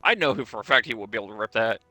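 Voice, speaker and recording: A man's voice: lowish voice, animated, very fast, pushed and bright, soft background music. A man chatting on a stream, teasing and joking. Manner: teasing, jokey. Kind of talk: casual chat.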